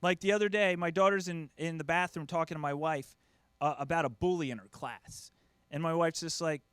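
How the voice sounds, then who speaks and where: A man's voice: on the high side, fast talker, clear, resonant tone, no room sound. A middle-aged man from the United States doing a stand-up comedy set, acting out his family in quoted voices. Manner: animated, acts out family members in quoted voices.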